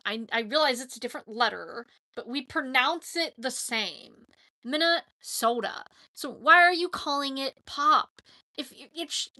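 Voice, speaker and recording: A woman's voice: high-pitched, sharp tone. A woman hosting a casual live stream, chatting in a rambling way and laughing often. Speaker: livestream host.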